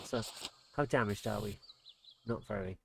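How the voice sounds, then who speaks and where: A man's voice: lowish voice, moderate pace, gravelly, background noise. A man commentating casually on his gameplay as a let's play host, exasperated and muttering under his breath.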